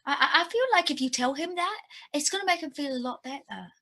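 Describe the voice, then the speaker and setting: A woman's voice: sits high, fast, bright, forceful tone. A woman playing her character in a tabletop game, hesitant and stammering yet eager. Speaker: player. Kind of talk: in-character tabletop role-play.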